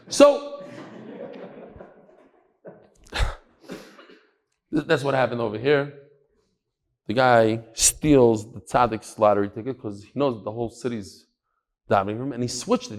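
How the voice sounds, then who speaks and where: Animated man teaching Talmud in a lecture. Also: medium pitch. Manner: lively, acts out the voices in his stories, shouts at the climax.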